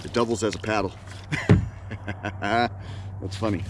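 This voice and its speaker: A man's voice: medium pitch, a little slow. A man hosting an outdoors video, casually explaining things as he goes while out on a kayak on a small lake. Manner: relaxed, thinking aloud, explaining as he goes. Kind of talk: casual on-the-water commentary. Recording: loud outdoor background noise.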